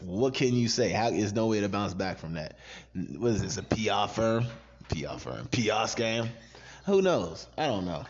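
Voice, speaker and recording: A man co-hosting a podcast, ranting profanely in a casual, animated way and laughing often. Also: on the low side, moderate pace, slight background noise. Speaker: podcast co-host. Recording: dull lo-fi sound.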